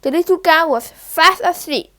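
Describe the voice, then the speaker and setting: Woman reading a kids book out loud, real high voice, stumbles and restarts sometimes. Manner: halting, with slips and restarts. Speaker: reader. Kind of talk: reading a children's book aloud.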